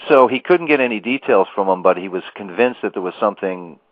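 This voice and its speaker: Low-voiced male radio host prompting a guest. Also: lively intonation, fast, no echo, phone-quality sound. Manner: prompting the guest with repeated emphatic phrases. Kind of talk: radio interview.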